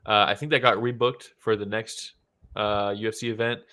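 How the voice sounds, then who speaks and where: Casual bright-voiced man chatting about fights. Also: lowish voice, moderate pace. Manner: relaxed, swears often, acts out quotes. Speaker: podcast co-host. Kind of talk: casual chat reacting to fight photos.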